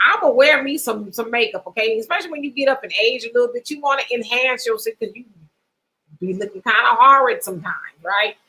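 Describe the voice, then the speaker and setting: A woman's voice: on the high side, a little fast, pushed and bright, low-quality recording. A middle-aged woman hosting a casual live chat show, reading viewer comments aloud and laughing often. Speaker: host.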